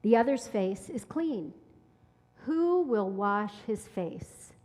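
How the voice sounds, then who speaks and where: A woman voicing a patient, wise older male rabbi who questions calmly. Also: mid-range voice, slow, in a large hall.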